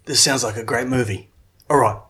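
A man's voice: medium pitch, a little fast, bright, forceful tone. A man narrating a tabletop game as game master, rambling with many fillers.

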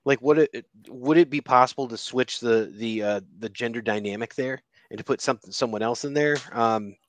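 A man co-hosting a podcast, talking casually and haltingly with plenty of fillers. His voice sits in an ordinary middle pitch. The sound is dry and close, with no room echo. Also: fairly bright tone. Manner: hesitant, trailing off with fillers. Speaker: podcast co-host. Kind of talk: casual chat.

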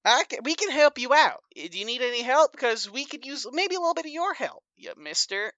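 A woman puts on a dim, folksy old wanderer from the wasteland who rambles along and wheedles like a salesman. His voice swoops up and down and stays bright. It sounds close and dry. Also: sits high, lively intonation, brisk, no room sound, pitched above the performer's own voice. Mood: wheedling. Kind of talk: tabletop role-play.

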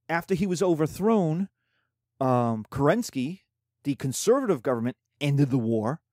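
A man teaching a history lesson in a conversational, animated way, often checking in with asides. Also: on the high side, no echo, studio quality. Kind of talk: casual history lecture.

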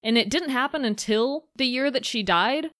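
A woman's voice: a little high, animated, moderate pace, fairly bright tone, no room sound, clean studio sound. A woman's voice that swings widely up and down as she riffs in casual chat. She is sarcastic and mocking, and pokes fun at what she has watched. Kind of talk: casual film commentary chat.

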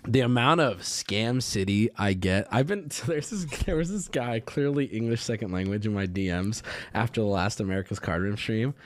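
Animated, swearing male streamer telling stories. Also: on the low side, moderate pace. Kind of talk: casual stream storytelling.

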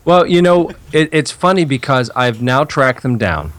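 A man co-hosting a casual podcast, jokey and animated, chatting loosely with friends. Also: moderate pace, dry recording. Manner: animated, jokey, jumps into silly high voices. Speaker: podcast co-host. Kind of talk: casual chat.

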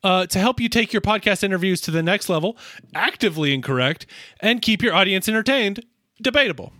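A man's voice: sits high, expressive, brisk, sharp tone, no room sound. A man hosting a casual podcast chat, hesitant with lots of ums, making dry wry asides. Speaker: podcast host.

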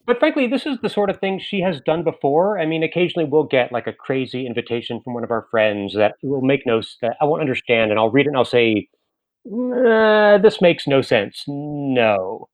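A man telling a comic story to an audience, with dry, deadpan delivery and frequent restarts. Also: on the high side, poor audio.

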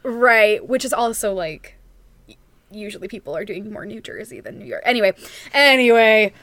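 A woman hosting a podcast, chatting casually, expressive and quick to laugh. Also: medium pitch.

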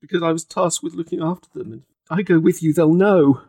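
A woman's voice: fairly low pitch, fairly even intonation, quick pace, mellow, breathy edge, no room sound. A woman voicing a nervous male coffin maker with a British accent, stammering and hesitant.

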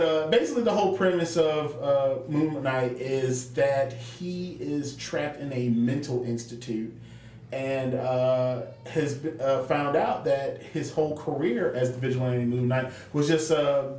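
A man's voice: medium pitch, unhurried, a little mellow, far from the mic. A man co-hosting a casual comic book podcast, rambling with lots of fillers and restarts. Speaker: podcast co-host. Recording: echoey room, off-mic, faint noise.

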